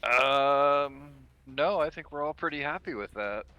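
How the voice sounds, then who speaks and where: A man's voice: on the high side, unhurried, sharp tone, clear, resonant tone, highs cut off. A man playing a character in a tabletop game, easygoing and a bit hesitant. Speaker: player. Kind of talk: casual tabletop play.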